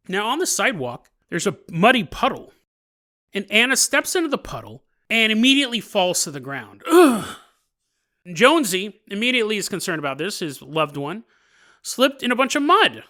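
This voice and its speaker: A man hosting a podcast, telling a story casually with joking asides and quick laughs. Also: high-pitched, big pitch swings, sharp tone. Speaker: podcast host.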